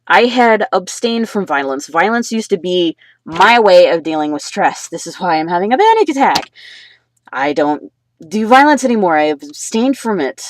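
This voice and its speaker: Agitated woman venting, low voice. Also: sing-song, normal speed, no room sound. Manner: agitated, rambling, profane. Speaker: vlogger. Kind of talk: venting personal story.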